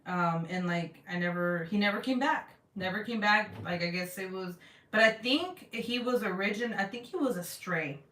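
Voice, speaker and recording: A woman's voice: medium pitch, normal speed, a bit bright. A woman vlogger in her thirties chatting casually and bluntly, swearing freely as she tells a story. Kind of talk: casual chat to camera. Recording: roomy, from a distance.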